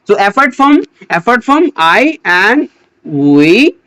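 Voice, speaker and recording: A teacher giving a slow English grammar lesson, pausing, repeating words and restarting phrases as they explain. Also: medium pitch, very animated, pushed and bright, dry recording. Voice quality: non-native English phrasing.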